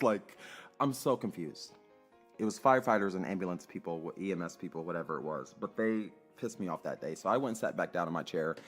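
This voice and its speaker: A young adult man telling a personal story in a casual, animated way, acting out quoted voices and swearing freely. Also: low voice.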